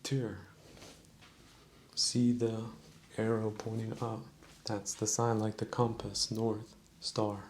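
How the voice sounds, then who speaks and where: Slow gravelly man preaching. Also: lowish voice, level tone, a little hiss or hum. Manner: slow, preachy, mock-sermon musing. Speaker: podcast host. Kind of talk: rambling comedic monologue.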